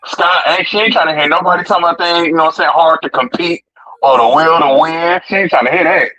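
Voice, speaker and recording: A man on a sports talk panel, excitable and acting out quotes. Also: fairly high pitch, low-quality recording. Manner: fast, excitable, acts out quotes.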